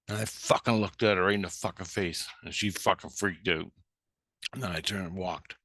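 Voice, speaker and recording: A man's voice: low voice, level tone, moderate pace, pushed and bright, no room sound, studio quality. A man telling a story in a blunt, heated way, swearing constantly. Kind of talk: casual storytelling.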